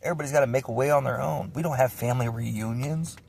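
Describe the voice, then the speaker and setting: A man's voice: medium pitch, fast, gravelly, a little mellow, breathy edge. A man telling his own story in a raw, confessional way, cursing heavily and repeating himself as he rambles. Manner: emotional, heavy cursing, rambling and repetitive.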